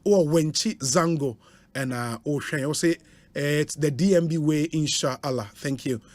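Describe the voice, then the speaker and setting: A man's voice: a little high, unhurried, dry recording. A man with a Ghanaian accent, a radio host reading out listener greetings on air in a chatty way, with interjections between names.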